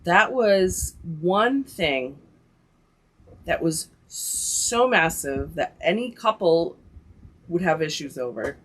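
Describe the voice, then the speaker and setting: A middle-aged woman tells a personal story on her podcast, chatty and animated. She acts out what people said and leans on "like" as she goes. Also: on the low side, slow pace, breathy edge. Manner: animated storytelling, many likes and quoted dialogue. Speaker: podcast host. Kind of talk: casual storytelling chat.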